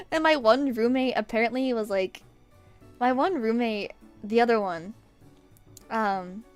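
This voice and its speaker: A sick young woman streaming from her desk at home, rambling casually and swearing, with sudden loud yelps. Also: fairly high pitch, takes it slowly, long pauses, clear, resonant tone, faint music behind. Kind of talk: casual chat while painting nails.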